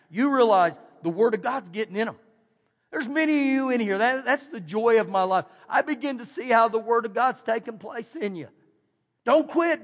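A middle-aged man with a Texan accent, preaching a folksy, animated storytelling sermon and repeating phrases for emphasis. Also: very high voice. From Texas. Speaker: pastor. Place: church sanctuary. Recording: long hall reverb.

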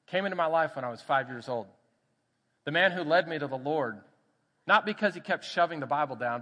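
A man with a Texan accent, a pastor telling a personal story in a sermon and acting out the voices in it. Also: on the high side. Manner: animated storytelling, acts out quoted voices. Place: church sanctuary. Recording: church hall reverb.

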